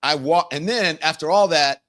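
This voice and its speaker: A middle-aged man hosting his own show, telling a story in a casual, animated way, acting out quoted voices and swearing freely. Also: on the high side, moderate pace. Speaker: show host.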